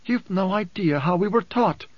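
A man's voice: high voice, lively intonation, normal speed, dry recording, voice pushed up. A man voicing a fierce, proud teenage girl who snaps and sneers, in an audiobook. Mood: defiant. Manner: defiant, snapping, scornful. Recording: dull dry close recording.

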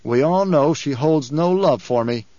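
A man voicing a weary young emperor who speaks in a measured, grave way and turns clipped when angered. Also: a little high, lively intonation, mellow, no echo. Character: stern young male emperor, weary and brooding. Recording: dull lo-fi audiobook recording.

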